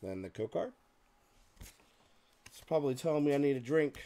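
A man hosting a card-opening video, reading card names aloud in a list with casual muttered asides, slightly hoarse and clearing his throat. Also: fairly high pitch, lively intonation, moderate pace, dark tone, a little hiss or hum. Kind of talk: casual pack-opening commentary.

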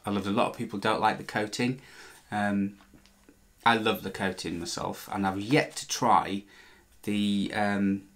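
Chatty man, low voice. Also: fairly even intonation, unhurried, a bit bright. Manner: chatty, meandering, self-correcting, dry joking. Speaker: vlogger restoring a guitar. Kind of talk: casual talk while working.

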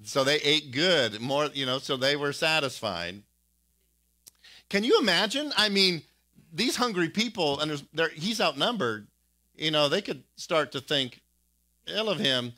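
Bright-voiced male pastor preaching. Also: a little high, a little slow. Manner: animated storytelling, reading old quotations aloud with fillers. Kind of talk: sermon.

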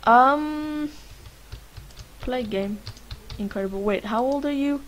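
A young Lithuanian woman, a gaming vlogger, chats casually through a let's-play of a life-sim game, rambling, talking to her characters, and using lots of fillers. Her voice is mid-range and a little slow, and the recording quality is low.

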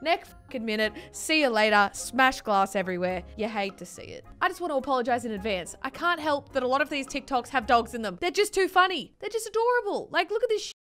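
A woman's voice: high-pitched, fairly bright tone. A young woman, giggly and casually swearing as she reacts to funny clips on her channel. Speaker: YouTuber reacting to TikToks.

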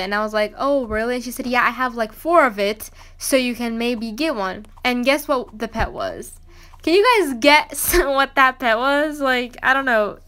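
Bright-voiced young woman telling a rambling story. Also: fairly high pitch, moderate pace, clean tone. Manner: rambling, many fillers and restarts, acts out quotes. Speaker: gaming vlogger. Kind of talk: casual storytime narration.

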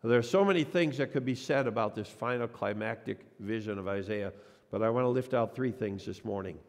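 A man's voice: lowish voice, fairly quick. A man preaching a sermon as a pastor, telling a personal story and acting out the voices of the people in it. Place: church sanctuary. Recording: long church reverb.

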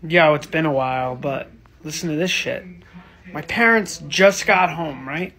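A young man casually telling a story in an animated way, swearing a lot. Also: fairly high pitch, unhurried.

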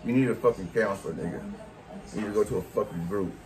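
A man's voice: on the low side, fast talker, music in the background. A man giving a profane, mocking reaction rant as a vlogger, scolding someone in heavy slang. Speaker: commentary vlogger.

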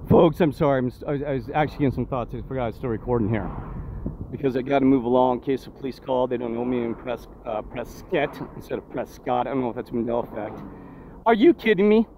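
Very fast and dark-toned, with fairly even intonation and medium pitch, a man vlogs outdoors near a road in an indignant, preachy monologue full of rhetorical questions. The phone audio is dull and lo-fi, with faint traffic.

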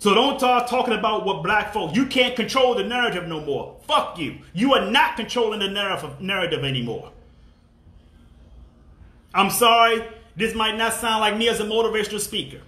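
A man's voice: sits high, expressive, normal speed, pushed and bright, reverberant. A motivational speaker, a man, in an impassioned monologue to camera, angry and blunt, swearing and repeating his phrases.

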